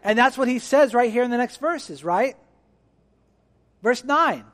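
A male pastor giving an animated sermon in a church, acting out dialogue as he preaches. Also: extremely high pitch, unhurried, in a large hall. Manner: animated, acts out dialogue with God.

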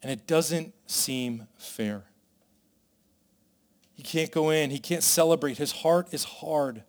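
A man preaching a sermon, animated and conversational, acting out the characters' complaints as he retells a parable. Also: fairly high pitch, takes it slowly. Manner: animated, voices the brothers' complaints dramatically. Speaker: pastor.

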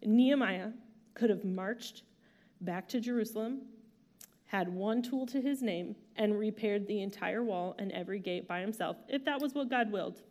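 A woman's voice: medium pitch, moderate pace, darkish tone. A woman preaching a sermon in a casual, chatty way, using slang and asides. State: emotional, near tears. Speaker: pastor.

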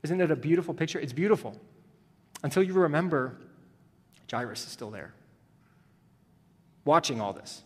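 A male pastor preaching a sermon, moving between hushed, tender passages and rising, urgent emphasis. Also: a little high, expressive, brisk, pauses often, slightly rough, long reverb tail.

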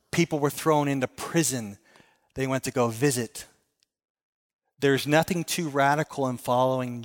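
A middle-aged man preaching a sermon, earnest and storytelling, circling back on his phrases. His voice sits at an ordinary pitch and carries a long reverb from a large hall. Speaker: pastor.

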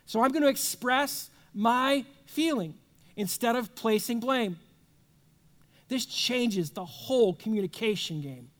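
A man's voice: very high voice, lively intonation, unhurried. A pastor preaching a sermon in a conversational way, acting out little back-and-forth dialogues as he teaches. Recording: long reverb of a large hall.

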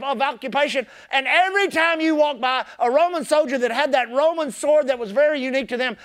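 This is a pastor giving an impassioned sermon. He keeps repeating his central phrases, his voice rising to shouts and then dropping into low, gentle asides.

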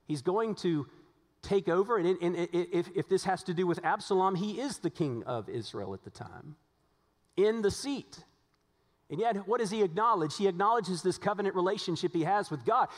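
A man delivers a Sunday sermon from the pulpit, voice sitting a little high for a man. He presses his points through repetition and rhetorical questions. The sound hangs in a long church reverb. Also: animated, moderate pace. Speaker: pastor.

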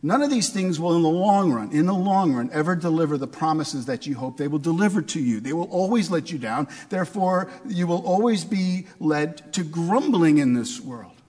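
A man's voice: on the high side, lively intonation, moderate pace, hardly any pauses, a little mellow, breathy edge, big-room sound. A man preaching a sermon in a conversational way, asking his listeners rhetorical questions. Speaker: pastor.

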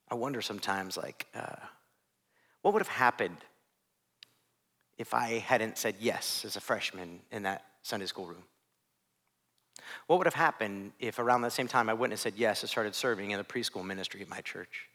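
A man in his thirties from Ohio, preaching a sermon as a youth pastor, acting out voices with big swings from soft to loud. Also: lowish voice, normal speed, pauses often.

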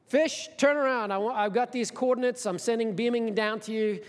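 A man's voice: very high-pitched, brisk, in a large hall, pitched above the performer's own voice. A man voicing God as a commanding male deity who gives playful, emphatic orders. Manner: playful, emphatic, bossy instructions.

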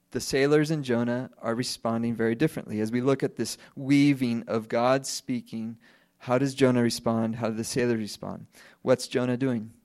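A man in his thirties preaching a sermon at an ordinary middle pitch. He keeps it conversational, putting rhetorical questions to his listeners and laughing lightly as he goes. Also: darkish tone. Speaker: pastor.

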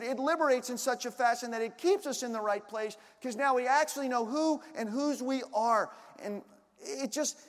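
A male pastor with a strikingly high voice delivers a sermon, swinging from punchy, emphatic lines to hushed, confiding asides. His words ring out with the long reverb of a large hall, as if carried through a church sanctuary. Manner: dynamic, swings between loud emphatic bursts and quiet asides.

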